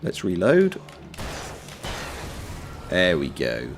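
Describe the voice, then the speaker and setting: A man and voice actor giving live-stream gameplay commentary, swearing freely as he yells at the game and chats with viewers. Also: sits low, drawn-out words, gravelly, a little hiss or hum. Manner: animated, swears freely, talks to the game and to chat.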